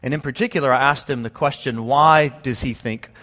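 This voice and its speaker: A man's voice: medium pitch, brisk. Male pastor, casual sermon delivery, plenty of ums and uhs, big reverberant hall. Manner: relaxed, conversational with many fillers.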